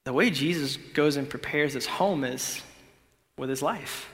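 A man's voice: fairly high pitch, moderate pace. Young man preaching in a reverberant hall. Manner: casual youthful preaching, dropping to a hush for emphasis. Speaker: pastor. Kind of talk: sermon.

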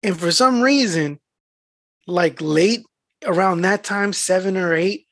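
A man's voice: sits high, takes it slowly, fairly bright tone, no echo, clean studio sound. A man in casual chat with friends, telling a story with laughter and frequent swearing. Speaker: mail carrier.

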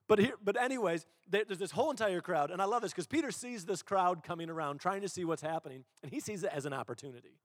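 A man's voice: fairly high pitch, lively intonation, brisk, studio quality. Conversational male pastor in a reverberant hall. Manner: conversational, self-deprecating, repeats words when restarting. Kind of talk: sermon. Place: church auditorium.

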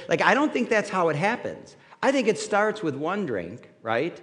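A man's voice: on the high side, huge pitch swings, unhurried, a bit bright. A man preaching a conversational sermon as a pastor, reading scripture and telling stories with frequent "right?" asides. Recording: reverberant hall.

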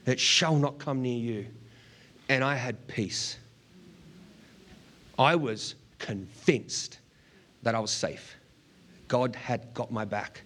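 A man's voice: medium pitch, fairly bright tone. A middle-aged man preaching a sermon, telling a personal story earnestly and laughing often as he goes. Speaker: pastor.

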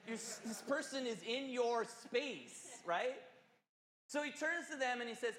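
A male pastor preaching a sermon, telling a story in an animated, conversational and earnest way. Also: extremely high pitch, unhurried. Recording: echoey hall.

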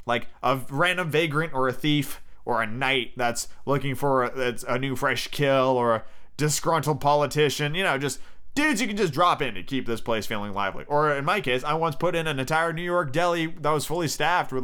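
A man's voice: mid-range voice, sharp tone, clean tone. A man hosting a podcast, chatting casually and giving emphatic, joking advice on running tabletop games. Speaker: podcast host. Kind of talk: casual chat giving game master tips.

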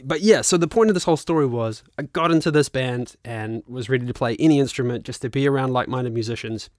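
Animated New Zealand man, 30s, casual storyteller with a mid-range voice, dry close mic. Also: mid-range voice, fast, no room sound. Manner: animated, swears freely, laughs often. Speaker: guest musician and actor.

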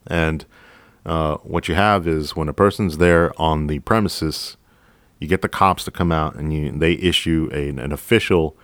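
A man, a police officer hosting a podcast, telling a work story in a calm, casual, profane, deadpan way. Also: extremely low pitch, unhurried, no echo.

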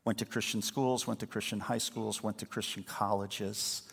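A man preaching a sermon as a pastor, telling the story with lively energy and acting out the voices of the people in it. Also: lowish voice, normal speed, vocal fry, breathy edge. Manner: lively storytelling, acts out quoted speakers. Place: church sanctuary. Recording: long hall reverb.

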